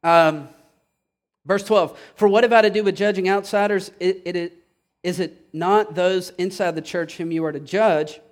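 Impassioned high-voiced preacher. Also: male voice, moderate pace. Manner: impassioned, swings from hushed to loud. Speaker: pastor. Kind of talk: sermon.

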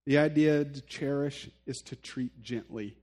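A male pastor with a mid-range, slightly mellow voice delivers a sermon a little slowly. He's earnest and conversational, speaking directly to his listeners and poking fun at himself.

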